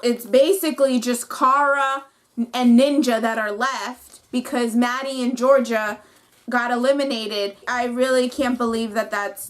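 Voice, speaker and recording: A woman's voice: on the high side, a bit bright. A young woman recapping a reality competition episode in a casual, emotional, chatty way, full of "like" and "um". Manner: chatty, emotional, heavy use of "like". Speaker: reality show reviewer.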